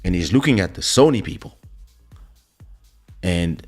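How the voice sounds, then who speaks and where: Middle-aged male podcast host, animated storyteller, leisurely delivery, low voice. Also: measured pace, soft background music. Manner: animated, laughing, acting out quotes. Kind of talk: casual storytelling.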